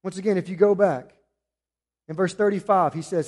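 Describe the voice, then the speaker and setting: Male pastor, higher voice, sermon with rising emphasis and quiet asides. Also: moderate pace. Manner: preaching with rising emphasis, then dropping to quiet appeals.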